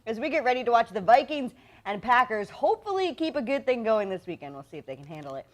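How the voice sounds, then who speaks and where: A woman co-hosting a casual morning show, bubbly and quick to laugh. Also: fairly high pitch, very animated. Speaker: co-host.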